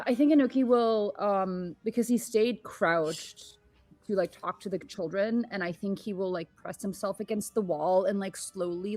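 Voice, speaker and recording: A woman playing her character in a tabletop game, talking in halting, stammering bursts. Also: medium pitch. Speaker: player.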